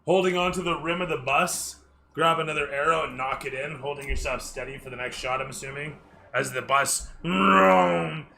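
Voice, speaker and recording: Bright-voiced man running a tabletop game. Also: medium pitch, steady tone, a little fast, a little hiss or hum. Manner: loose, rambling narration with asides and self-corrections. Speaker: dungeon master. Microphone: streaming microphone.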